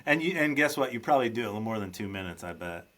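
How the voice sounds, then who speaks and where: A man's voice: fairly low pitch, expressive, very fast, a bit bright. A man hosting a podcast, chatting loosely and teasing his guest. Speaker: podcast host. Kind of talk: casual interview chat.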